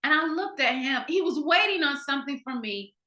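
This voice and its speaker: A woman from Ohio, a podcast guest, telling a candid personal story in an animated way, restarting sentences and acting out what people said. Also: sits high, a little fast. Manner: animated, acts out quoted dialogue, frequent restarts. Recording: roomy echo.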